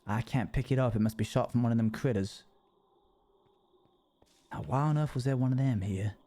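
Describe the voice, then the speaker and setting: A man's voice: medium pitch, normal speed, mellow. Folksy man talking to himself in character. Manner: folksy drawl with rustic phrasing, chuckles often, talks to himself. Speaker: streamer playing a character in a survival game. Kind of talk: in-character role-play narration.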